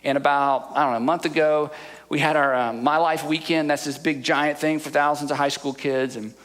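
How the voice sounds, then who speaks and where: Bright-voiced emotional male preacher. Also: on the high side, fairly even intonation, a little fast. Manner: earnest, storytelling, repeats "I'm telling you". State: emotional, choked up at times. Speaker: pastor. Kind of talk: sermon.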